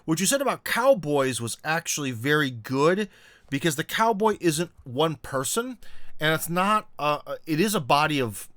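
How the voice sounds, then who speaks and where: A man's voice: a little high, sing-song, normal speed, fairly bright tone, no echo. A man hosting a casual live-stream chat, rambling with lots of fillers and joking asides. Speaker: host.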